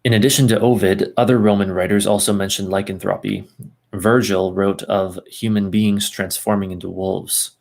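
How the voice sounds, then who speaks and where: A man's voice: fairly low pitch, steady tone, normal speed, creaky, darkish tone. A man reading a text aloud at an easy pace, stopping for asides and second tries at hard names. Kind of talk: casual reading and commentary.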